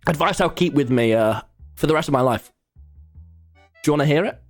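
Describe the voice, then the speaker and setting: A man's voice: fairly high pitch, expressive, brisk, soft background music. A young man telling a rambling story to his live chat, often laughing and restarting. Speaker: streamer.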